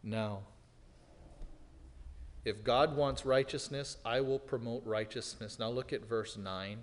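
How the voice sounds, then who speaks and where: A man preaching an expository sermon as pastor, emphatic, swinging from loud declarations to hushed, serious lines. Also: medium pitch, fairly even intonation, slow pace. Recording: long hall reverb.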